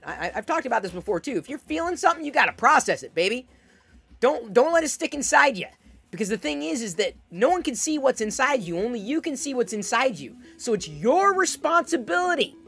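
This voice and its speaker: A woman giving an intense, emphatic advice monologue, often repeating words as she starts a sentence. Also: mid-range voice. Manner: loud and projecting.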